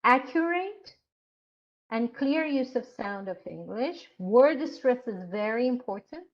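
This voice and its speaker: Slow, deliberate woman instructor lecturing. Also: on the high side, animated, lo-fi sound. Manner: slow, explanatory, with frequent hesitations. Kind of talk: online lecture.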